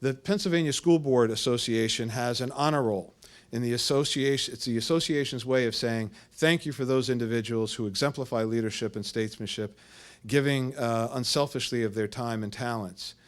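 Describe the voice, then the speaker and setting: A man, a school official, reading formal tributes at a school board meeting, pausing often with hesitations. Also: medium pitch.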